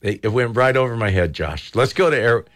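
A man hosting a call-in radio show, his pitch swinging widely as he laughs and exclaims with callers. The sound is close and dry, straight into a studio mic. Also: expressive, brisk, fairly bright tone, dry recording. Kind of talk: casual radio chat and live reads.

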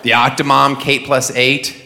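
A male stand-up comedian with a sarcastic, deadpan-then-loud delivery, performing live in a comedy club. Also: medium pitch, measured pace, vocal fry, a little hiss or hum. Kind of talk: stand-up routine. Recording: live club set with loud crowd laughter.

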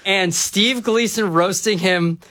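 An excitable male co-host on a sports talk radio show. He has a high voice and tends to laugh through his stories, getting louder as he goes. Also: slow.

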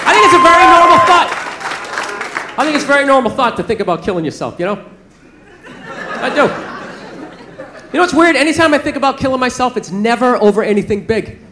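A man performing a stand-up comedy set in a club, telling profane, animated stories. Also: very high-pitched, fast talker, long pauses. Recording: echoey club with crowd noise. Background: audience laughter.

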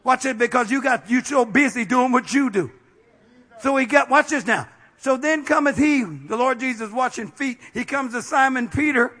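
High, bright-voiced fiery preacher man. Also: normal speed. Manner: fiery call-and-response preaching, shouting at climaxes. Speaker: bishop and pastor. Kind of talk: sermon.

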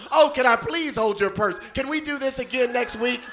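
A man performing a stand-up set, with a loud, punchy delivery and shouted punchlines. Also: extremely high pitch, brisk, hardly any pauses, slight background noise. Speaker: stand-up comedian.

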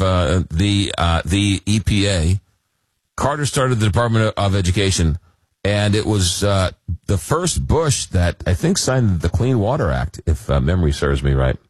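A man hosting a late-night call-in radio show, reading listener messages aloud in a halting way with many fillers. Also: sits low, dry recording. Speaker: radio talk show host. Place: radio studio. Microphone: close studio mic.

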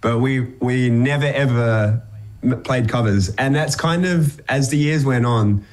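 A man's voice: medium pitch, a little slow. A young man from New Zealand with a New Zealand accent, chatting casually as a musician guest, with lots of fillers and easy laughs. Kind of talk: casual interview chat.

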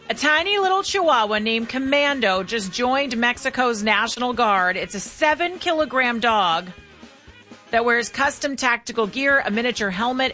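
A woman hosting a talk radio show, upbeat and brisk as she takes calls. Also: fairly high pitch, sharp tone.

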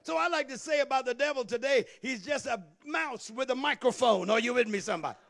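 A man preaching a sermon, calling out to the congregation for responses and building to shouts. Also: extremely high pitch, fast talker, creaky. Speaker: pastor.

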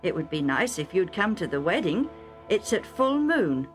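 A woman's voice: fairly low pitch, big pitch swings, moderate pace, soft background music. A woman reading a story aloud voices a headstrong young man who speaks eagerly and defensively, stammering at times.

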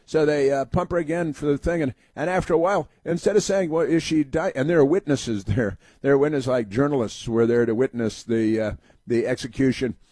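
A man's voice: mid-range voice, a little fast, warm tone, no room sound. A man hosting a political talk monologue, sarcastic and rambling, with many fillers and restarts. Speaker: political commentary host.

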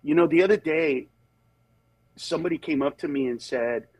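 A man who works as a comedian, telling candid stories in conversation and moving between animated voices and earnest, steady points. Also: a little high, normal speed, pauses often, no room sound, rough recording. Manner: animated, jumps into voices of other people mid-story. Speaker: comedian guest.

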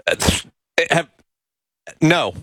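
A man co-hosting a casual political chat, chiming in with quick, casual questions. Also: pushed and bright, no room sound, studio quality. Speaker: co-host.

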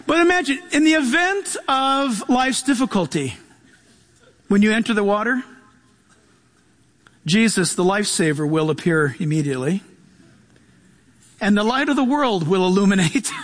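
A man's voice: high voice, a bit bright, slight background noise. A male pastor giving a sermon, telling stories with humor and laughing often.

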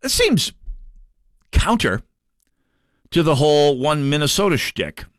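A man from North Dakota hosting a talk radio show, sardonic and halting, with mocking asides. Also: a little high, very animated, a bit bright, no echo, studio quality. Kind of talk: opinionated talk radio monologue.

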